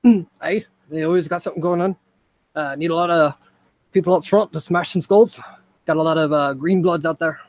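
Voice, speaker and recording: A man voicing a friendly, burly male dwarf mercenary who talks in a gruff, folksy brogue, as part of a tabletop role-play game. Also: on the high side, steady tone, a little fast, a little mellow, no room sound, natural voice. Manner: gruff folksy brogue, says aye and lad.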